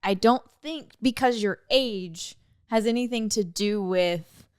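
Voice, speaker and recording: A woman's voice: mid-range voice, slow pace, clean tone, no room sound, clean studio sound. A young woman hosting a podcast, chatting casually and upbeat about dating and being single. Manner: upbeat, animated storytelling. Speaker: podcast host. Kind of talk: casual chat.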